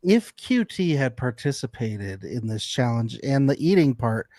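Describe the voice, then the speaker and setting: A man's voice: medium pitch, sing-song, a little slow, warm tone, dry recording. A young man co-hosting a podcast, chatting in a laid-back, wry way. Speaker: podcast co-host. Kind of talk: casual recap chat.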